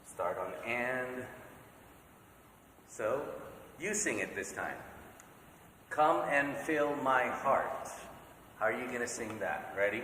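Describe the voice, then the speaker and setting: Slow-talking man teaching in an echoey hall. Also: mid-range voice, animated, sharp tone, slight background noise. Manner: patient, counting beats aloud, checking in with "okay?". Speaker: music teacher. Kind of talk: teaching a note-reading class. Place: church hall. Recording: echoey church hall from far off.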